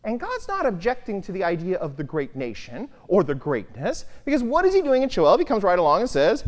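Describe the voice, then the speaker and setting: Animated Bible teacher in a reverberant hall. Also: medium pitch, brisk. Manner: animated, asks the listeners rhetorical questions.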